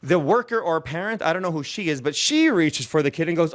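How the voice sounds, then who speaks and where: A man in his thirties with a slightly higher voice and a smooth, clean tone. He rambles through comic stories as a podcast host, mocking himself and chuckling along the way. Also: lively intonation, a little fast. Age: 30s. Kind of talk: rambling comedic storytelling.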